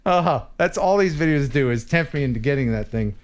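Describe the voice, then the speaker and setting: A man hosting a casual livestream chat, animated and quick to chuckle while he tells stories. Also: fairly high pitch. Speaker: livestream host. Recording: faint music behind.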